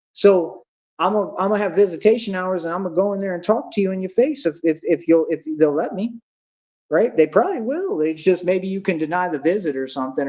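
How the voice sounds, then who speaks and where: A man's voice: high-pitched, darkish tone, lo-fi sound. A man hosting a livestream, ranting in an agitated, accusatory and taunting way. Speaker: livestream host.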